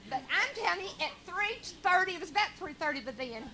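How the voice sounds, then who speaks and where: A woman giving a tearful, fervent testimony, slowing down and rising in volume as she reads scripture. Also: very high-pitched, expressive, bright, forceful tone, low-quality recording. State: crying. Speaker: caller sharing a testimony. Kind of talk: emotional testimony.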